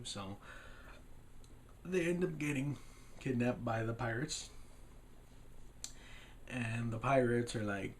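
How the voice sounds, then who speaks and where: A man's voice: medium pitch, steady tone, normal speed, a little mellow, a little hiss or hum. Casual male film reviewer, loose rambling recap, tosses in offhand character quotes. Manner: rambling, retells scenes with loosely acted quotes.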